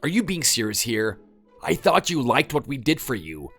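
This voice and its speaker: A man's voice: mid-range voice, very animated, moderate pace, vocal fry, fairly bright tone, breathy edge, faint music behind, heavily acted. A man voicing a defensive husband clinging to his marriage, in a pleading, insistent manner. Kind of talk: scripted dialogue drama.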